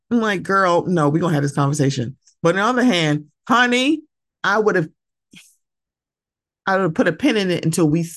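Woman solo podcaster ranting, pitch jumps all over, swears a lot, dry close mic. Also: dry recording. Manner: animated and emphatic, swears freely, acts out quoted voices. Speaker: podcast host. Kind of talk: solo casual chat about reality TV.

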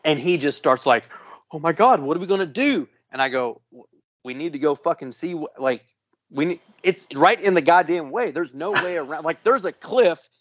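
A man's voice: on the high side, moderate pace, no echo, dull audio. A man telling a long story on a casual podcast, swearing often and acting out the other people in it. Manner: profane, animated storyteller. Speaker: podcast co-host.

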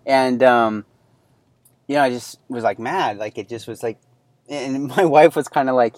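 A man's voice: mid-range voice, normal speed, dry recording. A man in his thirties hosting a solo podcast, telling a personal story in a loose, candid way with many fillers and restarts. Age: 30s. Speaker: podcast host. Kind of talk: casual solo podcast monologue.

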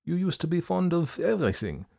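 A man reading aloud and voicing an earnest, persistent older man with gentle concern. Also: a little high, very animated, fairly quick, vocal fry, voice pushed up, heavily acted. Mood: coaxing.

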